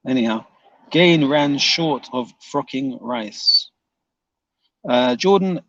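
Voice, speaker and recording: A man's voice: mid-range voice, slow, fairly bright tone, no echo, muffled recording. A man hosting a casual livestream, reading viewer comments aloud and teasing them, laughing often.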